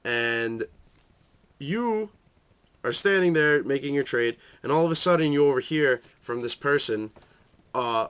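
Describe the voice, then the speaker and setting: A young man rants casually at medium pitch, swearing freely and padding his sentences with fillers. He rambles from one point to the next in a loose, unscripted way. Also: expressive, unhurried, a bit bright, smooth. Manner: profane, rambling, full of fillers; shifts into high voices for quoted reactions. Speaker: card game vlogger. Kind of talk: casual rant.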